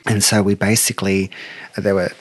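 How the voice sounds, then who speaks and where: A middle-aged man from Australia, a make-up artist telling stories in an interview with lively, emotional delivery. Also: fairly low pitch, normal speed, no room sound. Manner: animated, emotional storyteller who acts out quotes. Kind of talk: storytelling interview chat.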